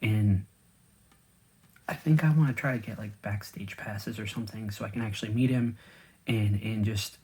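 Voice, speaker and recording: Husky-voiced man chatting while eating. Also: fairly low pitch, moderate pace, long pauses, a little mellow. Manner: rambling, with many fillers and restarts; talks with food in his mouth. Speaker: vlogger. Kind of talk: casual chat while eating.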